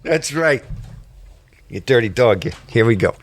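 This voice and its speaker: A man's voice: mid-range voice, expressive, a little slow. A man hosting a casual podcast chat, joking and teasing his co-host. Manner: teasing, jokey, prone to laughing fits.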